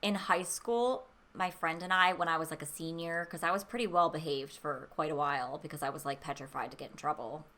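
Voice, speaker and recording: A woman's voice: deep voice, a little fast, few pauses, pushed and bright. A woman in her thirties co-hosting a casual chat stream, telling loose, swear-laced stories full of "like". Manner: loose storytelling, swears freely, lots of "like". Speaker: streamer co-host.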